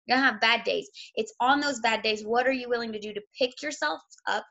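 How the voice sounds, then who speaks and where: A woman's voice: a little high, a little fast, creaky, pushed and bright, dull audio. A woman, a fitness coach giving a blunt, emotional motivational talk, sick and close to tears, swearing freely.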